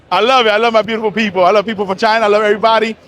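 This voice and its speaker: A high-voiced man talks rapidly as he works a convention hall floor, with loud, playful, hustling banter. He is an HVAC contractor and vlogger, picked up on a handheld camera. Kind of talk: casual vlog chat while networking.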